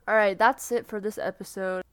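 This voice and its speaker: A young woman with a mid-pitched voice tells a story in relaxed podcast chat, often laughing between lines. The sound is dry and close to the mic. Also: normal speed, clear, resonant tone, dry recording. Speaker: podcast co-host. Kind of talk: casual chat.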